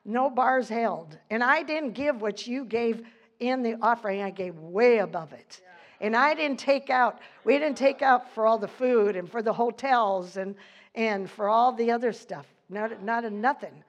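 A woman pastor preaching with fervent, emphatic delivery, laughing often and reading scripture slowly. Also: fairly high pitch. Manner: reads scripture slowly and deliberately. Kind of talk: sermon.

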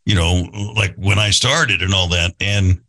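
A podcast host in his sixties talks through his own past in an earnest, reflective way. His voice sits a little low but rings bright and forceful. He thinks aloud and keeps circling back to the point. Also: a little slow, poor audio. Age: 60s. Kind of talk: reflective casual storytelling.

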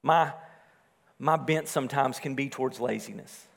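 A man preaching a sermon, swelling louder on his points and dropping soft and low on key phrases. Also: normal speed, creaky. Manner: rises in volume for emphasis, drops low and soft on key phrases. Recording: long hall reverb.

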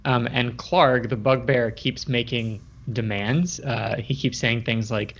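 A man narrating as game master of a tabletop game, relaxed and full of fillers, on a dull lo-fi recording. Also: mid-range voice, slow pace, hardly any pauses.

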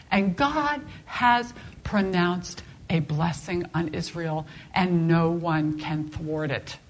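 A woman teaching a Bible class in a conversational, expressive way, often restarting her sentences. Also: lowish voice, slow, slight background noise. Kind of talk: informal Bible class lecture.

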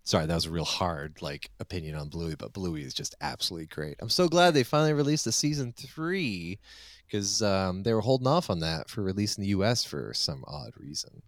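A low-voiced man from the United States in his thirties, chatting with a lot of swing in his pitch. He jokes and swears casually, and the recording is dry and close. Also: brisk, no room sound. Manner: animated, joking, swears casually. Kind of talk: casual chat.

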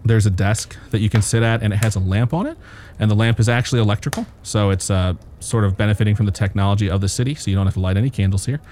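A man narrating a tabletop game as game master, describing scenes in a relaxed way with frequent fillers. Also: lowish voice, racing, slight background noise.

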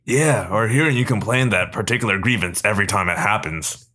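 A man's voice: on the low side, brisk, bright, forceful tone. A man reading the part of a casual, joking wizard helper in a table read. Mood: wry.

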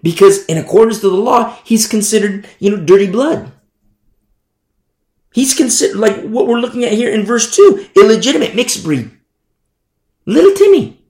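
A preacher delivering an animated Bible-study sermon, often breaking off to ask the listeners "You see?". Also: mid-range voice, normal speed. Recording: echoey room.

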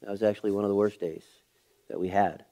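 Talking fast with a flat delivery and fairly low pitch, a middle-aged male pastor preaches a church sermon. He shares a personal story that moves from quiet, hushed sections to loud, emphatic ones.

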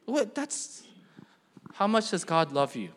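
A middle-aged man delivering a sermon in a notably high voice. He preaches with energy, pushing up on questions and dropping low to drive points home. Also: slow pace, a little hiss or hum. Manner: animated preaching, rising questions, drops to quiet emphasis. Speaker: pastor.

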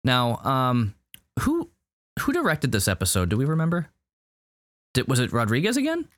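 A man's voice: medium pitch, wildly swooping pitch, moderate pace, fairly bright tone, no echo. A man co-hosting a podcast, reviewing a show in casual chat, rambling with lots of fillers and restarts. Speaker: podcast co-host.

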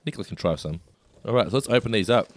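A man's voice: lowish voice, animated, very fast. A man, co-hosting a casual snack taste test and describing each food with enthusiasm. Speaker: co-host.

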